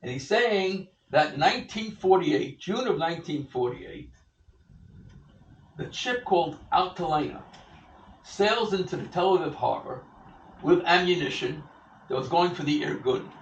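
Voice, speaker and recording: An older man speaking at an event tells a story to an audience, animated and acting out the people he quotes, at a measured pace. His fairly high voice is picked up from well off the mic in an echoey event hall, sounding a bit dull, with faint room ambience and slight background noise.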